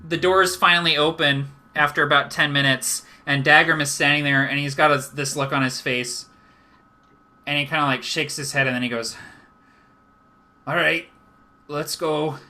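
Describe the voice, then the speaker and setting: A man with a very bright, forceful tone runs a tabletop game as game master. He narrates casually with fillers and slips into voices for the characters. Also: a little high, fairly even intonation, fairly quick.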